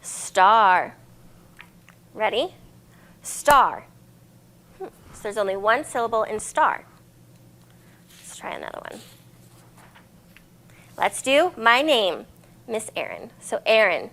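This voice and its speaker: A young woman with a slightly high voice leads a children's library lesson on poetry. She is cheerful and encouraging and claps out syllables with her young listeners. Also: very animated, a little slow, gravelly, long pauses, a bit bright.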